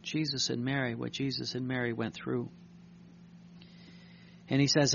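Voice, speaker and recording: A man's voice: medium pitch, steady tone, normal speed, gravelly, long pauses, a bit bright, slight background noise. A man, a priest, preaching an earnest, reflective sermon and often restarting his sentences. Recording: dull lo-fi recording.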